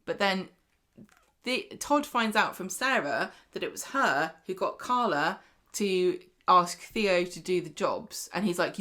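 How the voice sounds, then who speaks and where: A woman's voice: fairly low pitch, measured pace. A woman co-hosting a podcast, chatting casually and acting out the lines she quotes. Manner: lively storyteller who acts out quotes. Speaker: podcast co-host. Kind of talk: casual chat recapping a soap.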